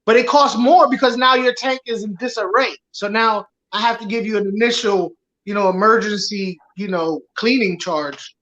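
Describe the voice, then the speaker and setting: A man's voice: high voice, steady tone, moderate pace, bright, forceful tone, dull audio. A man who services aquariums, chatting casually and sounding a bit aggrieved. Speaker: aquarium maintenance service owner. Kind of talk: casual podcast chat.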